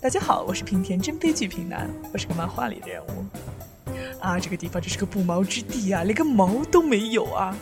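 A woman's voice: mid-range voice, animated, quick pace, music in the background, lightly acted. A woman voicing a hapless male comic-book hero in a playful, exaggerated fan dub. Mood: comic dismay.

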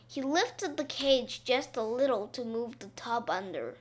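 A woman reading a children's story aloud, slowly and expressively. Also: fairly high pitch. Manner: slow, expressive read-aloud.

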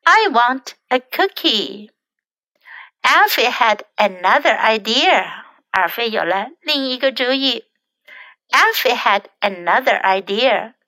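A woman whose first language is Chinese gives a children's English lesson in a bright, rather high voice. She speaks slowly and carefully, repeating each phrase after translating it, and the sound is close and dry with no room echo. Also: animated. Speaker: English teacher.

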